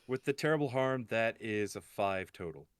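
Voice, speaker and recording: A man plays a tabletop game, speaking in a halting way and filling pauses with ums. His voice is fairly low. The sound is dry and close. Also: expressive, smooth, dry recording. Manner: hesitant, halting, many ums. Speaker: player.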